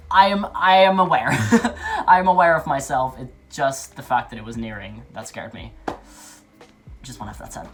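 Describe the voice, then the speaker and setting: Candid young vlogger, rambling nervous laughs. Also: male voice, medium pitch, a bit bright. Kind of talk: candid personal vlog.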